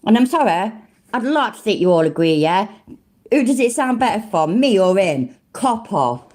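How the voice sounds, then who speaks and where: A woman's voice: fairly high pitch, expressive, normal speed, a little mellow. A woman with a British accent giving live reaction commentary, blunt, sweary and full of slang. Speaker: livestream commentator.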